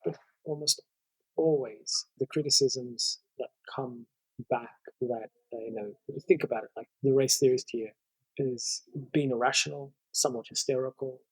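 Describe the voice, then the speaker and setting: A man, a guest lecturer, explaining ideas in a measured conversational way and stacking up long lists of points. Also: medium pitch, steady tone, a little mellow, husky, dry recording, rough recording.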